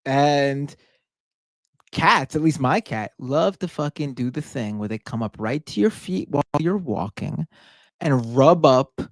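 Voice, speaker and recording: A man's voice: mid-range voice, animated, a little slow, dry recording, studio quality. A man hosting a live stream, reading super chats aloud and ranting in a casual, profane, indignant way. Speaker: livestream show host.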